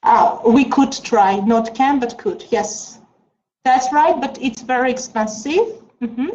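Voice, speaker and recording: A woman teaching an English class online, slow and coaxing, with many mm-hmms. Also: on the high side, a little mellow. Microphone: video call. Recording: dull lo-fi video call.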